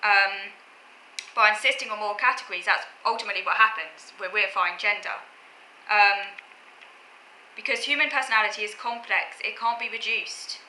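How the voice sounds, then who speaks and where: A woman vlogger lays out her views in an earnest, lecturing way, often stopping and restarting her phrases. Her voice is very bright and sharp-edged. She sounds like she is in a roomy, echoey space with a faint hum of background ambience. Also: mid-range voice, moderate pace. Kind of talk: explaining opinions to camera.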